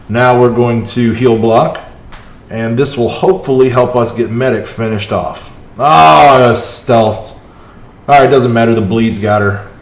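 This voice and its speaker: A man streaming a mobile strategy game, chatting with his viewers and talking through each move as it happens. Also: mid-range voice. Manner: chatty, reacts aloud to the match, chats with viewers. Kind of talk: live gameplay commentary. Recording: roomy echo.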